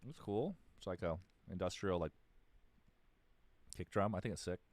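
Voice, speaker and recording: A man's voice: low-pitched, lively intonation, normal speed, a little mellow, dry recording. A man, a musician guest in a casual interview, telling stories in a rambling way with lots of fillers and restarts.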